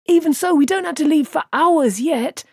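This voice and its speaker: A woman's voice: high voice, moderate pace, a little mellow, no room sound, clean studio sound, pitched above the performer's own voice. A woman voicing an earnest, anxious young farm man in an audiobook, speaking in an urgent, insistent way.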